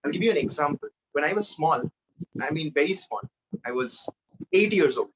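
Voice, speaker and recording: A man leading a live online public speaking training, energetic and animated, swinging between loud and soft for emphasis. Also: on the high side, moderate pace, muffled recording, background noise.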